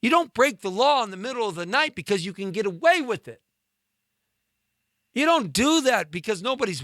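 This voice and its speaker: A man's voice: extremely high pitch, sharp tone, no echo, clean studio sound. A man hosting a talk show, ranting in an indignant monologue full of rhetorical questions, his throat congested.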